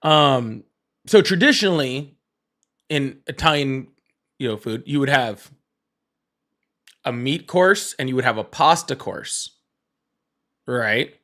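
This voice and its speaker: A man's voice: mid-range voice, animated, slow, pauses often, bright, forceful tone. A man hosting a casual live stream, chatting in a rambling way and greeting viewers between points. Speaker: livestream host.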